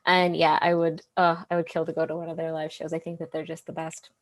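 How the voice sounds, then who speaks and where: Low-voiced woman hosting an interview. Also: monotone, quick pace. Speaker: host.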